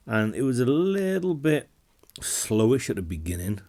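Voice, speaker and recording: A man talking casually to camera about films he watched, relaxed and rambling, often restarting his sentences. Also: medium pitch, moderate pace. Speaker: film reviewer. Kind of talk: casual film review vlog.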